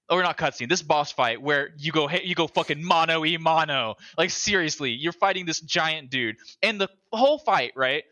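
A young man in casual podcast chat, excitable and swearing a lot, acting out lines as he talks. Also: a little high, dull audio. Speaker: podcast co-host.

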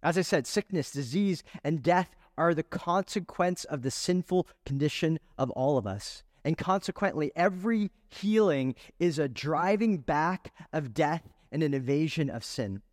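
Male pastor, sermon delivery, fairly high and dry up close with long hall reverb behind. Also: lively intonation, moderate pace, few pauses. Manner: earnest, rhetorical questions, builds emphasis.

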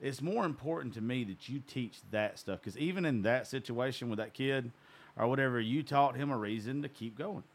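A man's voice: medium pitch, normal speed. A man hosting a casual chat, talking bluntly and swearing freely.

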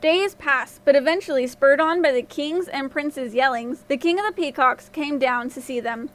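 For a podcast, a high-voiced woman narrates a fairy tale from a script at normal speed. Her delivery is lively and expressive, carrying the story forward.

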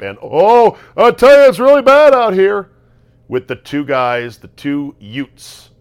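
A man hosting a solo sports talk show, ranting sarcastically about football results and jumping between loud outbursts and low muttering. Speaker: sports podcast host. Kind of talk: casual solo sports commentary.

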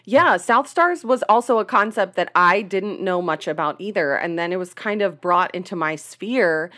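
A woman's voice: on the low side, lively intonation, normal speed, bright, forceful tone. A woman co-hosting a podcast in casual chat, telling a story conversationally and sometimes slipping into playful accents. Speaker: podcast co-host.

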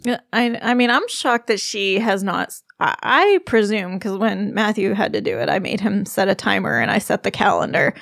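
A woman in her forties co-hosting a relaxed chat about family life, with a gravelly, slightly fried voice. She rambles, restarts her sentences and laughs often. The recording is dry and close. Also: medium pitch, normal speed, few pauses, dry recording. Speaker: podcast co-host, parent. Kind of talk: casual chat.

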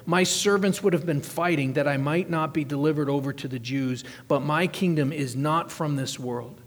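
A man's voice: fairly high pitch, big-room sound. A man preaching a sermon, reading scripture aloud and then explaining it with emphatic repetition. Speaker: pastor.

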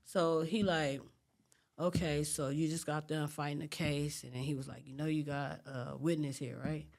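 A woman with a fairly low voice tells her story in an interview. She talks in an animated, streetwise way and acts out the quotes. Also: moderate pace, vocal fry. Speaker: interview guest.

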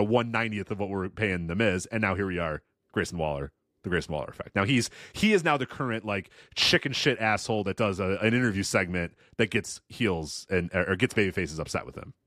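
A man's voice: on the low side, lively intonation, fast talker, fairly bright tone, no room sound. A man co-hosting a wrestling podcast, sardonic and rambling with frequent laughs on a close mic. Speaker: podcast co-host. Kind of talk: casual chat.

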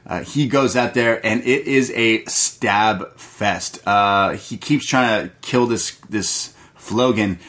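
A man's voice: fairly low pitch, fairly bright tone. A man co-hosting a movie podcast, recapping a film in a rambling, profane, casual way full of fillers.

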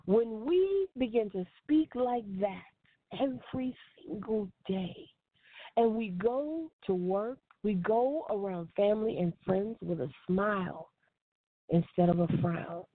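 Slow-speaking woman preacher, tinny line. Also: medium pitch, animated. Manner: earnest, repetitive preaching cadence. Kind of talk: devotional sermon. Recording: tinny phone-line sound, dry.

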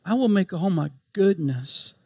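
Man, pastor, sermon, high voice, hushed then emphatic. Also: expressive, unhurried, breathy edge. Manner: impassioned preaching that swings from hushed to emphatic.

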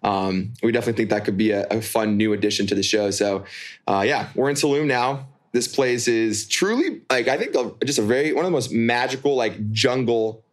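A man's voice: medium pitch, brisk. Man, podcast co-host, casual storyteller who laughs often. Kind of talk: casual chat. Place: New York.

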